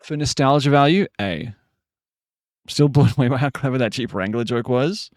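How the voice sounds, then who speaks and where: A man's voice: medium pitch, moderate pace, darkish tone, no echo, studio quality. A man chatting casually on a live stream, rambling and joking, with frequent swearing. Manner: rambling, jokey, swears often.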